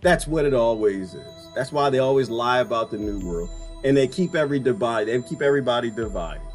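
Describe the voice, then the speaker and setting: Animated ranting man on a livestream. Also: mid-range voice, fairly quick, faint music behind. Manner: animated, ranting, laughs often. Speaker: livestream host. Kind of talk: casual livestream rant.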